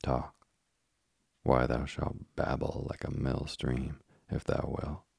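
Stern old witch done by a guy reading a story, super deep gravelly voice, husky, dry close sound. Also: level tone, slow pace, a little mellow, no room sound, exaggerated voice. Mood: doting. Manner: stern, archaic speech. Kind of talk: audiobook reading.

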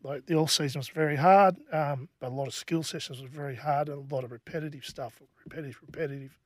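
A middle-aged Australian man, a former rugby league player, telling stories casually as a podcast guest, with a halting, laid-back delivery full of restarts. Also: on the high side, steady tone, no room sound, clean studio sound. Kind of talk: casual storytelling.

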